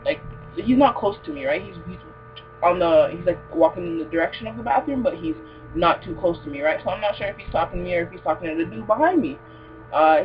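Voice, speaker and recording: A young woman tells stories to camera for her vlog in a casual, profane, animated way, full of fillers and slang. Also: mid-range voice, fast, dull audio, faint music behind. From Toronto, Canada. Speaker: vlogger.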